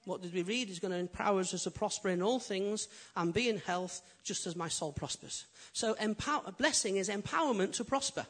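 A man preaches with a high, husky voice, swinging between loud emphatic lines and hushed, intimate ones. He tells stories from the pulpit with a humorous touch. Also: expressive, a little fast, hardly any pauses. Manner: humorous storytelling. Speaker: pastor. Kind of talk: sermon.

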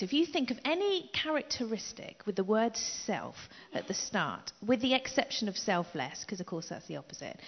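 A middle-aged woman delivers a sermon, her voice rising and falling with lively swings in pitch. She is emphatic and repeats key phrases, then slips into quiet asides. The recording is muffled and rings with the long echo of a large hall. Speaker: preacher. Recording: dull echoey hall recording.

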